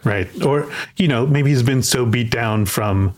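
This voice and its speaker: A man's voice: mid-range voice, measured pace. A man hosting a podcast, chatting casually about a film and often repeating words as he thinks aloud. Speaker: podcast host.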